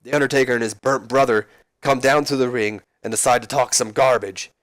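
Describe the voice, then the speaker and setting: A man putting on a rough Texan wrestler's voice for a trash-talking promo. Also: mid-range voice, steady tone, a little fast, a bit bright, no room sound, clean studio sound, natural voice. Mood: taunting.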